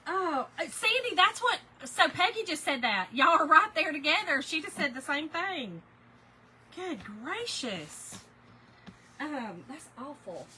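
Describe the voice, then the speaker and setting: Chatty high-voiced woman. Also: measured pace, rough recording. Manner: chatty, animated storytelling, addresses viewers as y'all and girl. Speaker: crafting livestream host. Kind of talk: casual chat while crafting, reading viewer comments.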